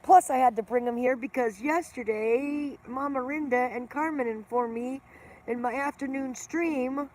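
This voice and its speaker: A woman's voice: sits high, moderate pace, a little mellow, slight background noise. A middle-aged woman chatting casually with viewers on her livestream, rambling from story to story and greeting people by name. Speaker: livestream host.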